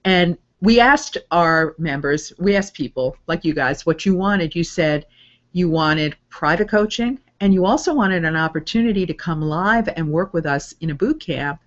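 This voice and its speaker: A woman's voice: lowish voice, lively intonation, normal speed. A middle-aged woman coaching voice over students, chatting casually and upbeat while answering viewer questions. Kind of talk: live Q&A webinar. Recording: dull lo-fi audio.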